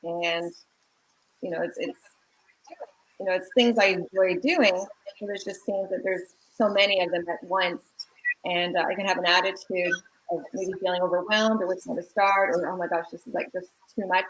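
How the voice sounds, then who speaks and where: A woman dating coach sharing her thoughts on a livestream, measured and thoughtful with fillers. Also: lowish voice, fairly even intonation, fairly bright tone, low-quality recording. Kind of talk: livestream discussion.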